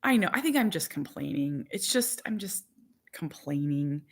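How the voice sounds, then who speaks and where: A woman's voice: sits low, very animated, normal speed. A woman in her forties chatting casually to viewers as a vlogger and mother of four, rambling with lots of "like". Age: 40s. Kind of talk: casual chat to live viewers.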